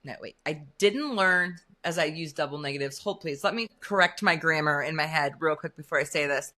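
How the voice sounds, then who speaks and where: A middle-aged woman from Illinois, co-hosting a podcast in casual chat, animated and jokingly sarcastic. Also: low voice, fairly quick. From Illinois, USA. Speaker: podcast co-host.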